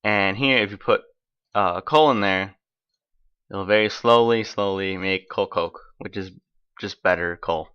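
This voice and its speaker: A man's voice: low-pitched, unhurried, clean tone, dull audio. A man giving casual, rambling gameplay commentary as host of his own let's play, talking in an offhand, chatty way.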